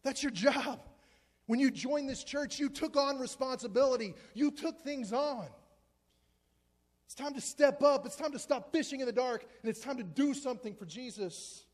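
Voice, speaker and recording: A man's voice: very high voice, normal speed. A man in his forties preaching a conversational, joking sermon in a church. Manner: conversational, joking, self-deprecating. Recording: long hall reverb.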